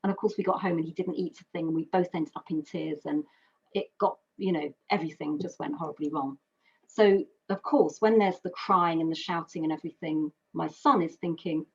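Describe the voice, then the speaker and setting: A British woman gives an earnest, personal webinar talk as a carer, explaining through metaphors and lists. Her voice is low and a little husky. The audio is dull and lo-fi. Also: fairly even intonation, a little fast. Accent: British English. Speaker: carer speaker. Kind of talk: webinar presentation.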